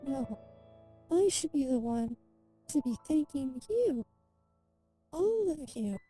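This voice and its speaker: Woman doing a high pleading little girl. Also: very animated, slow, mellow, faint music behind, heavily acted. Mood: soft. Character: young dying girl, pleading then joyful.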